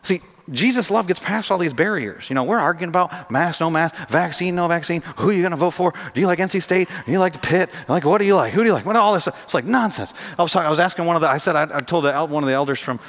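A man preaching a sermon as pastor, animated and jokey, acting out scenes for his congregation in a church. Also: fairly high pitch, quick pace. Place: church sanctuary. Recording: long hall reverb.

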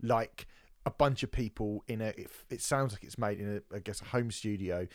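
A man co-hosting a casual music podcast, talking in animated, sweary bursts with many restarts. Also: lowish voice, normal speed, no room sound, studio quality. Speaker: podcast co-host. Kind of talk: casual music review chat.

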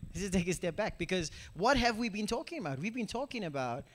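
A young man preaching a casual, animated sermon in a church, talking straight to the congregation with lots of asides. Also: high-pitched, quick pace, in a large hall, a little hiss or hum. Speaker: pastor. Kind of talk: conversational sermon.

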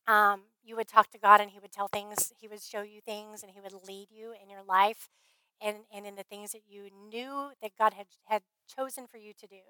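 A woman speaker at a conference, telling her faith story in an earnest, heartfelt way, often trailing off softly. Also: medium pitch, fairly even intonation, normal speed, clear, resonant tone, dry recording, low-quality recording. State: briefly emotional. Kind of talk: faith testimony talk.

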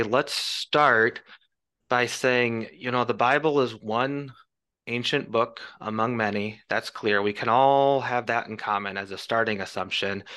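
A man talks through an argument step by step, as a guest in a casual podcast chat. His voice sits a little low, and his tone is bright and forceful. He is measured and lecturing. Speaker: Christian apologist guest.

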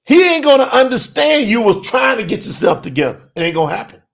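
A man preaching an urgent sermon, shouting and pleading with his listeners. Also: very high-pitched, big pitch swings, fast, creaky. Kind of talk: fiery sermon.

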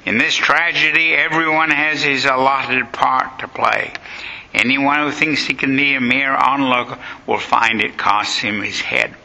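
A man playing a booming revolutionary giant. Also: steady tone, unhurried, creaky, heavily acted, poor audio. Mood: menacing. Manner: threatening, forceful. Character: booming bullying male revolutionary giant, drunk.

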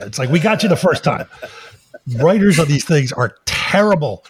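A man's voice: a little high, big pitch swings. A man co-hosting a podcast in casual chat, sarcastic and joking. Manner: sarcastic, quick jokey asides. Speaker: podcast co-host.

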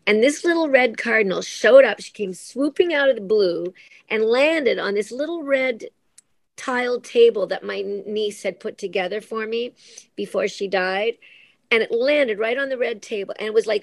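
A woman's voice: on the high side, normal speed, vocal fry, no echo. A middle-aged woman, a former member of parliament, telling personal stories as an interview guest. She speaks earnestly and from the heart, often restarting her sentences and hesitating with fillers. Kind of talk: emotional personal storytelling in conversation.

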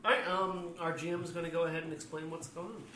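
A man's voice: a little high, level tone, fast, bright, forceful tone. A man hosting a casual tabletop game podcast with playful quips. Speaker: host and player. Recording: echoey room with faint noise.

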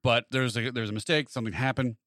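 A man's voice: medium pitch, dry recording, clean studio sound. A man co-hosting a podcast, telling a story casually and teasing his co-host. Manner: fast, animated storyteller with teasing asides.

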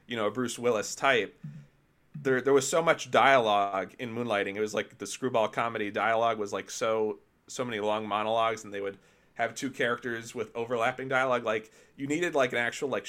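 A man's voice: fairly low pitch, fairly bright tone. A man co-hosting a podcast, chatting casually and enthusiastically about films with many fillers. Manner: rambling, filler-heavy, enthusiastic. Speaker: podcast co-host. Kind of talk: casual film chat.

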